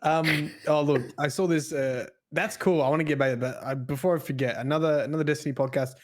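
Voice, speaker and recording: A man trades blunt, sweary banter on a podcast. His voice sits a little higher than most men's. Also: fairly even intonation, fast, noisy background. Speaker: podcast co-host. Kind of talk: casual chat.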